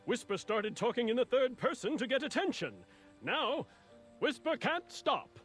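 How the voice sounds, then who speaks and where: An actor playing a showy, self-adoring young knight who refers to himself in the third person, heard in game audio over music. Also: male voice, very high-pitched, sing-song, moderate pace, fairly bright tone, heavily acted. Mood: boastful.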